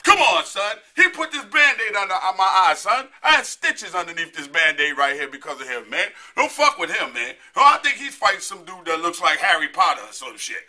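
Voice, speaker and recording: A man's voice: high voice, very animated, fairly quick, hardly any pauses, pushed and bright. A middle-aged man hosting a comedic promo, delivering a brash, profane rant with a repeated catchphrase. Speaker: host of comedy promo bit.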